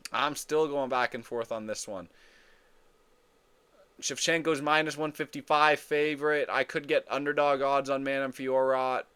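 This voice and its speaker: A man giving casual fight predictions in a smooth, clear voice that sits a little high. He gets excitable and swears freely, often repeating himself and correcting his own words mid-sentence. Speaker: MMA fight predictions host. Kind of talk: casual fight breakdown commentary.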